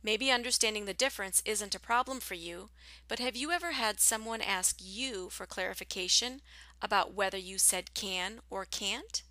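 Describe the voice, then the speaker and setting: A woman teaching a scripted English pronunciation lesson, speaking slowly and carefully with clear enunciation and a soft, partly whispered delivery. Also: mid-range voice, no room sound.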